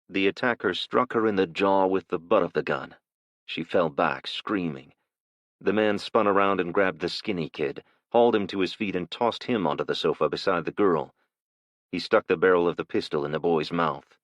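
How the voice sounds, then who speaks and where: A man narrating a thriller audiobook in a measured, steady storytelling manner. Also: sits low, no echo, muffled recording.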